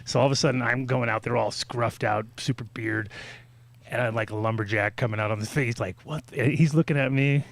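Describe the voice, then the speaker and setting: A man in casual talk-show conversation, spinning a long, rambling story. He swears freely and slips into little voices for the people he quotes. His voice sits at an ordinary middle pitch. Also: fairly even intonation, fairly quick, gravelly, no echo.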